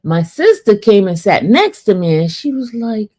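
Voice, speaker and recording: A woman with a medium-pitched voice and moderate pace tells her viewers a personal story. She's chatty and animated, speaking directly to her audience and frequently checking in with "right?"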